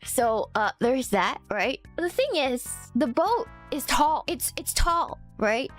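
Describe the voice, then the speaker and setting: High-voiced woman telling a story, laughing. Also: slow pace, hardly any pauses, faint music behind. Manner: laughs often, swears freely, repeats herself excitedly. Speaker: streamer. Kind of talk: casual storytelling.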